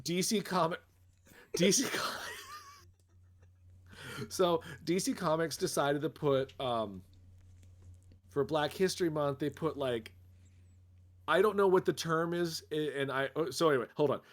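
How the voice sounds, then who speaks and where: A man's voice: a little high, normal speed. A man with an American accent, co-hosting a podcast, rambling and swearing in casual chat. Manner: rambling, swearing, self-interrupting. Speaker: podcast co-host.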